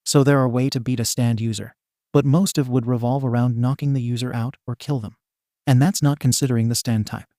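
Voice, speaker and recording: A self-styled god in a storybook reading lays out the rules in a matter-of-fact, lecturing tone, as a man reads him. The voice sits at a middle pitch and is recorded dry and close. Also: steady tone, a little fast, warm tone, no room sound, natural voice. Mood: explaining. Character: self-proclaimed male god explaining rules.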